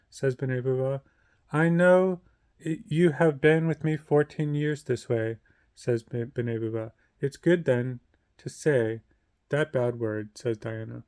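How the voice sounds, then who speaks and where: A man's voice: mid-range voice, a little mellow. Man reading his own story aloud. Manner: plain reading with small stumbles, raising his voice for quoted lines. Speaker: reader of his own book.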